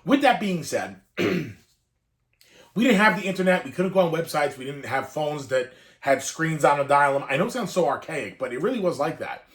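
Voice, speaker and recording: Wistful, rambling man, higher voice. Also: lively intonation, normal speed. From Northeastern US. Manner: rambling, wistful, choking up at times. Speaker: toy collector. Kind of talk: emotional storytelling to camera. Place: room full of collected toys.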